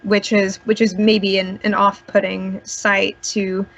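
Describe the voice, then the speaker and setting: A woman's voice: mid-range voice, little pitch movement, takes it slowly, gravelly, fairly bright tone, dull audio. A young woman playing a tabletop game, describing her character's actions and asking hesitant questions. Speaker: player.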